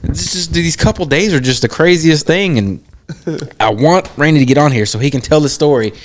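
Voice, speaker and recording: A man's voice: a little high, fairly quick. A man co-hosting a podcast in casual chat, laid-back, laughing along and repeating his co-host's punchlines. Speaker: podcast co-host.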